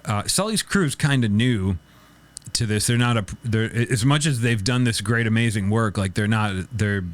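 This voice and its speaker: A man co-hosting a comedy podcast, pitching a movie scene in a loose, filler-heavy way. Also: normal speed. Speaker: podcast co-host. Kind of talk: casual comedic brainstorming.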